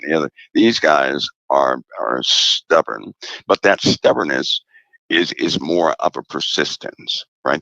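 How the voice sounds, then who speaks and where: A man speaking as a guest commentator in a casual interview, deliberate and emphatic, repeating key phrases. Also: rumbling low, gravelly, bright, forceful tone, no room sound, highs cut off.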